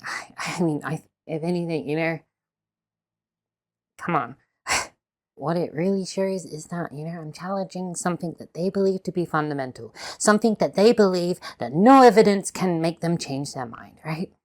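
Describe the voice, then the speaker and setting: A woman's voice: lowish voice, normal speed, darkish tone. A woman in a heated, swear-filled vlog rant, tagging her points with constant questions. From Australia. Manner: heavy swearing, tag questions, heated ranting. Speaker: video host. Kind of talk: casual commentary vlog.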